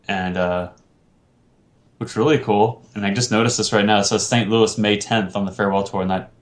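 A man's voice: lowish voice, fairly even intonation, a little fast. A man hosting a casual podcast chat, rambling with lots of fillers and restarts. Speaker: podcast host.

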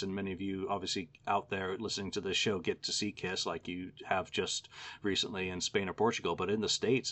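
A man's voice: low voice, fairly bright tone. A middle-aged man with an English accent chatting casually, self-mocking and swearing now and then. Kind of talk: casual chat.

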